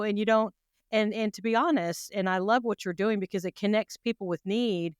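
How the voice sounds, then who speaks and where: A woman hosting an interview, enthusiastic and halting, restarting her sentences as she reacts to her guest. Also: medium pitch, clean tone, no echo, clean studio sound. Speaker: podcast host. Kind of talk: conversational interview.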